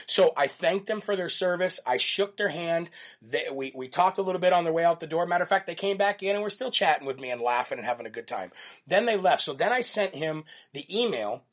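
A male host delivering a live-streamed monologue with fairly high pitch. He tells his story in an animated way and keeps repeating key phrases for emphasis. The delivery is brash and conversational. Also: fairly quick. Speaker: political talk show host.

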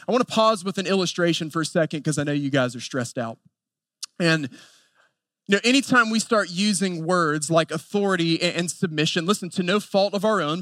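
A man in his thirties with an Appalachian North Carolina accent, preaching a sermon in an earnest way and building lists with emphatic pauses. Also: a little high, a bit bright, no echo. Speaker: pastor.

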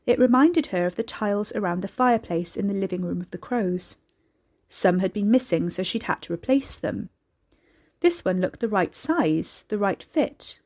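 A woman's voice: medium pitch, moderate pace, darkish tone. Woman narrating a story steadily. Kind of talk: scripted narration.

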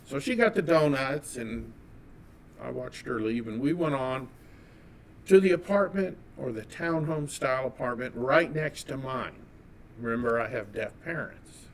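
A man from California telling a personal story as an interview guest, animated and acting out the dialogue. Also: medium pitch, a little slow, a little hiss or hum. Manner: animated, acts out quoted dialogue.

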